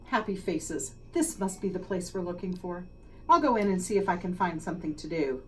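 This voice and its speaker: A woman voicing a bossy, determined hen in a read-aloud storybook, speaking loudly and emphatically. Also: on the low side, animated, brisk, lightly acted. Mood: bold. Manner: loud clucking, emphatic. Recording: slightly distant mic, faint noise.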